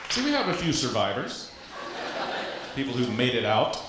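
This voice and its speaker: A man from Louisiana doing live stand-up comedy on a club stage, with a punchy, animated delivery and vocal sound effects. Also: mid-range voice, normal speed, crowd noise, background noise. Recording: echoey live club recording. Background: audience laughter.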